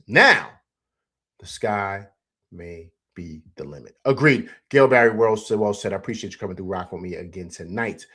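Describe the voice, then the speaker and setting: A young adult man hosting a casual postgame livestream, breaking down highlights and greeting viewers in an excited, chatty way that is full of fillers. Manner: excited, animated, repeats "man" and "you know what I'm saying". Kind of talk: casual sports commentary over highlights.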